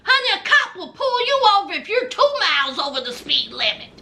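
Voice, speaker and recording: A woman's voice: very high voice, very animated, brisk, bright, forceful tone, a little hiss or hum. A woman recapping a reality show in casual chat, talking sassily and directly to the people on screen and to viewers in slangy speech. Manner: slangy and chatty, addresses viewers as y'all.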